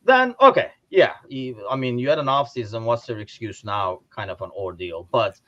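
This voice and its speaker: A man hosts a casual sports livestream with a lively voice that rises and falls freely. He rambles with restarts and reads out viewer comments. The audio is dull and lo-fi. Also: mid-range voice, moderate pace, crowd noise. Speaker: podcast host.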